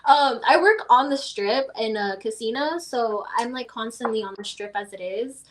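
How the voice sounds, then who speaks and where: A woman from Las Vegas, a podcast guest, telling stories in casual chat, animated and full of laughter and filler words. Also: fairly high pitch, normal speed. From Las Vegas, USA.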